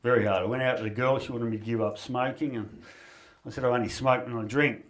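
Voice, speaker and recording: A man's voice: medium pitch, fairly even intonation, fast. An Australian man doing a crude, wry stand-up comedy set in a small backyard shed. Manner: crude, wry punchline delivery.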